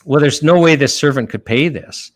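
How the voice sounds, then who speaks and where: A man's voice: a little high, normal speed. Earnest man retelling a parable. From Canada. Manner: earnest, retells a parable with many restarts and fillers. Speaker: lawyer guest. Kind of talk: conversational podcast talk.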